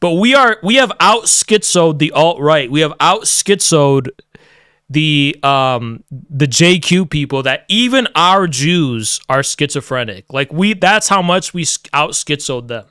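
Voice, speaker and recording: A man's voice: fairly high pitch, animated, a little slow, bright, forceful tone, smooth, dry recording, studio quality. A man ranting sarcastically on a stream, rambling and laughing often between sentences. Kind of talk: casual political rant.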